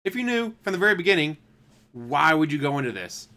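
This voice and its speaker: A man's voice: a little high, very animated, fast, pushed and bright. A man reacting to a video in blunt, incredulous commentary, swearing often and mocking the person he watches. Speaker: commentary streamer. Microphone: desktop USB mic.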